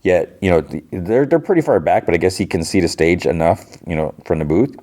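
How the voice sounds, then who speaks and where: Recapping a TV episode on his podcast, this host talks fairly quickly in a low, mellow voice with lively intonation, his retelling loose and stuffed with "like" and "you know."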